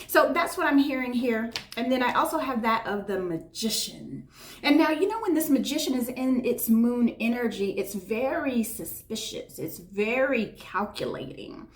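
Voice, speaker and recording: A woman's voice: a little high, lively intonation, moderate pace. A woman giving a tarot reading to her viewers, talking in an effusive, emotional way and often checking in with "right?". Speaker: tarot reader. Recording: echoey room.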